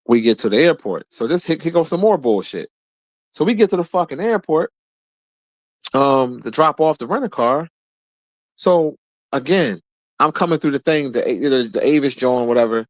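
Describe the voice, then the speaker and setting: A man's voice: moderate pace, long pauses, no echo. Profane man in his forties telling a story. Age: 40s. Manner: profane, animated, jumps high when quoting people. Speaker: streamer host. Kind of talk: casual storytelling rant.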